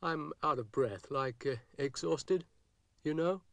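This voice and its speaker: A man's voice: on the low side, steady tone, fairly quick, darkish tone, no room sound, lightly acted. A man doing a drawling sleepy hippie rabbit. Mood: weary. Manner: drawling, spaced-out, hesitant.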